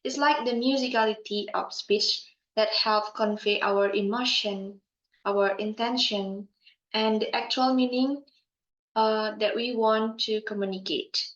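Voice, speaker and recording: Slow, careful Indonesian-accented young woman. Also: fairly high pitch, steady tone, a bit bright. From Bali, Indonesia. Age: young adult. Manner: careful, measured, with small slips and restarts. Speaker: university student presenter. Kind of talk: scripted explanation. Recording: echoey room, dull lo-fi sound.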